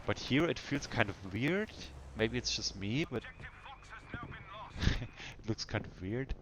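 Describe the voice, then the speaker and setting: This gameplay commentator has a fairly low, somewhat bright voice with vocal fry. Playing a video game, he keeps up casual, chatty let's-play commentary full of self-mockery, frequently chuckling to himself, over slight background noise.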